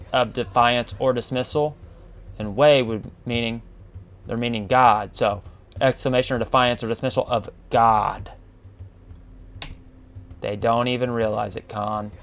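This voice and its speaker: A male podcast host in a loose, unhurried monologue. He speaks at a slow, drawn-out pace in an ordinary middle-range voice. He reads passages aloud, then comments on them casually. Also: mid-range voice, fairly even intonation, fairly bright tone. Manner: slow, drawn-out, addresses listener as man and bro.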